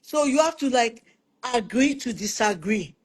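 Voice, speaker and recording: A woman's voice: on the high side, moderate pace, slightly rough. A woman hosting a Christian family talk stream. She gives practical marriage advice conversationally and often repeats words for emphasis. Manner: animated, acts out spouses' quoted lines. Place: online live stream.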